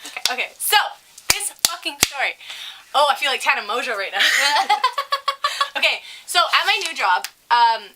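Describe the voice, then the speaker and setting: Young female co-host, bright and animated, swears freely while ranting through stories. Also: high-pitched, normal speed. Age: young adult. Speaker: podcast co-host. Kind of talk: casual storytelling chat.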